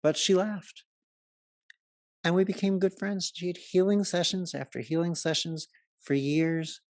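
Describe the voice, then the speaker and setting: Man, gravelly voice, joking storyteller, dry close sound, live talk. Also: high-pitched, fairly even intonation, measured pace, no room sound. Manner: joking, chatty storyteller who laughs at his own stories. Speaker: speaker presenting to a live audience. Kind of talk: humorous talk with anecdotes and jokes. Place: live event before an audience.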